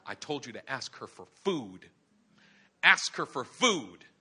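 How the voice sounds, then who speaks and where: The voice of God speaks low and steady, calm and commanding, as a preacher puts it on. Each instruction comes across as patient and firm. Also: male voice, normal speed, husky.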